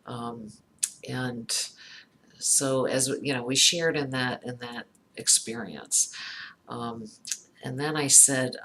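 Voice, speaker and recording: A middle-aged woman speaking slowly and thoughtfully. She recounts a personal story and often pauses with fillers and restarts. A faint hum of room ambience sits behind her. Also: a bass voice, fairly even intonation, pushed and bright. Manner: halting, many fillers and restarts. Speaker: psychologist talking about empathy.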